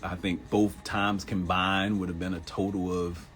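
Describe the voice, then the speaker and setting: A man in his thirties hosting a live motivational talk show, animated and laughing, who mimics people in high voices. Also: measured pace, faint music behind. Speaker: host.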